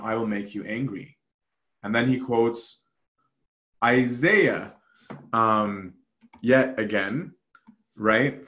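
A male priest leads a scripture study, talking casually and animatedly with frequent restarts. His voice sits at an ordinary middle pitch. The room around him is noticeably echoey. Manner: animated, conversational, with many fillers and restarts.

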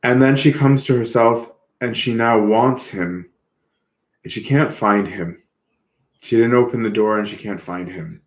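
Man, preacher, sermon, earnest, reflective, unhurried, echoey room. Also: on the low side. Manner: earnest, reflective, slow with repetitions.

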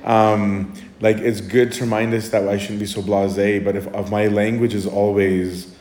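A priest answering questions in a casual, conversational way, often checking in with "right?". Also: male voice, lowish voice, flat delivery, moderate pace, darkish tone. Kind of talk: casual Q&A talk. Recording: echoey room.

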